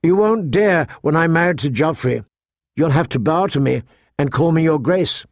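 A man's voice: on the high side, lively intonation, normal speed, no echo. A proud, vain young noble girl with a haughty, whiny edge, as a male audiobook reader puts her on. The voice is lifted well above his own. The reading is dry and close to the mic. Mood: upset.

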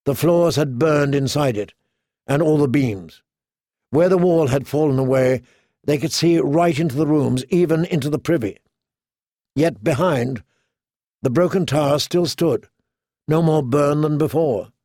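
A male audiobook narrator reading fantasy prose at a measured pace. His voice sits a little high for a man and has a gravelly, creaky grain. The recording is dry and close, with no room sound. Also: warm tone, no room sound. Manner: measured storytelling.

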